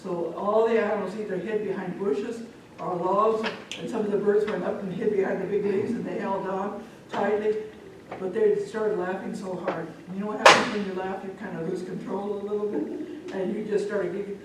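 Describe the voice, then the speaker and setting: A woman from Omaha telling a folk tale live to an audience, animated and speaking directly to listeners. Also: medium pitch, normal speed, background noise. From Omaha, Nebraska. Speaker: storyteller. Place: live public event, echoey room. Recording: echoey hall from far off.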